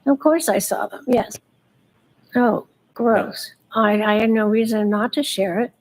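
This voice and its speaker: A woman's voice: medium pitch, unhurried, darkish tone, rough recording. A woman giving expert medical testimony in court, answering in a level, matter-of-fact way.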